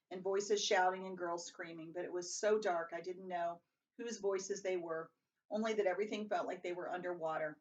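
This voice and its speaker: On a distant, dull lo-fi home recording, a woman reads a novel aloud. She raises her pitch and volume for the dialogue and occasionally slips and restarts.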